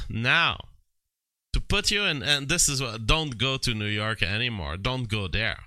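A man's voice: medium pitch, lively intonation, sharp tone, no echo. A man from Quebec hosting a livestream, commenting on news and reading viewer chat with frequent fillers and restarts. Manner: slow, drawn-out delivery with frequent fillers and restarts.

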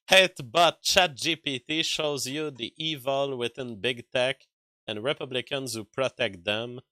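A man's voice: mid-range voice, unhurried, bright, forceful tone, clear, resonant tone, no echo. A man with a French accent hosting a livestream, reading chat and arguing back in loose, filler-heavy talk. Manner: argumentative, talks back to chat, many fillers and restarts. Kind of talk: casual livestream commentary.

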